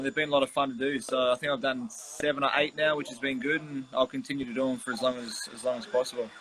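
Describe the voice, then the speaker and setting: A man, a guest on a video call interview, talking in a relaxed, easygoing way. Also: mid-range voice, rough recording. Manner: relaxed, laid-back, easygoing. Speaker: guest, professional basketballer. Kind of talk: casual interview chat.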